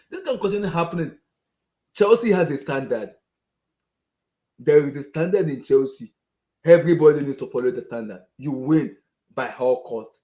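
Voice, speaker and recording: A man's voice: on the high side, animated, moderate pace, pauses often, dark tone. A man, ranting as a football fan to camera, exasperated and repeating the same phrases over and over. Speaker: football fan channel host. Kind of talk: angry fan rant to camera.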